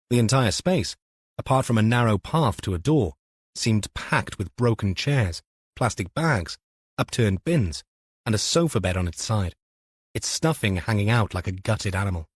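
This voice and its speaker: A male audiobook narrator reads a police novel from script in a measured, even storytelling manner. His voice is lowish, and the clean studio recording has no echo.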